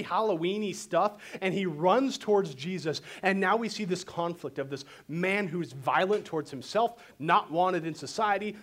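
A man preaching a sermon and telling the story in an animated way. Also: high voice. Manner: animated storytelling, voices quotes dramatically. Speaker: pastor.

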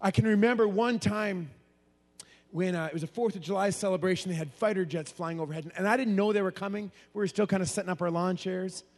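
A man preaching a sermon, moving between hushed, low passages and loud, animated bursts. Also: fast talker. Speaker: pastor. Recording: long hall reverb.

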